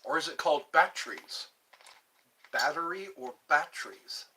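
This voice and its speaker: A middle-aged man rambles casually to young viewers on a livestream filmed from a phone on a tripod, now and then slipping into song. His voice is fairly high and sharp, animated, at a moderate pace.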